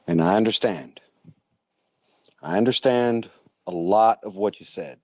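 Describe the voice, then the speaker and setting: A male caller on a radio show from the United States, rambling and halting, repeating himself. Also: lowish voice, no echo, clean studio sound. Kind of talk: call-in radio talk.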